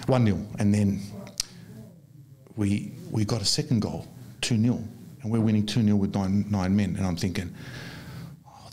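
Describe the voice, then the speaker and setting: A man's voice: lowish voice, gravelly, darkish tone. A man in his fifties telling rambling football anecdotes in casual chat, often restarting his sentences. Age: 50s.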